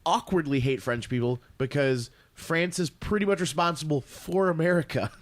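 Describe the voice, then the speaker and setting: A man's voice: a little high, moderate pace, dry recording. A man co-hosting a tabletop gaming podcast, joking crudely and laughing often in casual banter. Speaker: podcast co-host.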